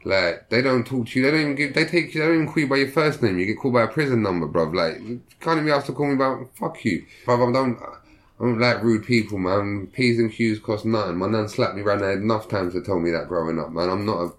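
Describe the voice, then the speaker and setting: This young man talks fast in a lowish voice, spinning casual prison stories. He uses slang, curses a lot, and energetically imitates the people he quotes.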